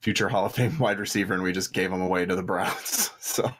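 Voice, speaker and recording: A man's voice: low voice, steady tone, fast talker, a bit bright. A man who plays pro football, chatting easily as a podcast guest and laughing often. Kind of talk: casual podcast chat. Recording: noisy line with clicks.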